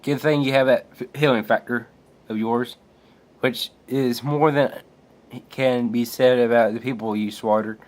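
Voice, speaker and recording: A man reading aloud the lines of a cocky young web-slinging hero from a comic in his own slow, flat voice. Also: mid-range voice, close to an everyday voice. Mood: taunting.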